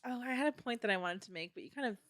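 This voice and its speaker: A woman guest in a casual chat podcast with a bright, fairly high voice that bounces around a lot. She is giggly and enthusiastic, and she often trails off mid-thought. The sound is close and dry. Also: expressive, rapid-fire, dry recording.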